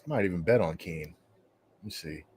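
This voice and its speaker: A man's voice: low-pitched, lively intonation, a little fast, darkish tone, slightly rough. A man co-hosting a podcast, chiming in on live fight commentary with brief, laid-back replies. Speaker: podcast co-host.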